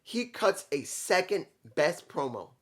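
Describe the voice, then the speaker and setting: A man's voice: fairly high pitch, big pitch swings, slow pace, fairly bright tone. A man reviewing a wrestling show in a casual, rambling way, with some swearing and restarts.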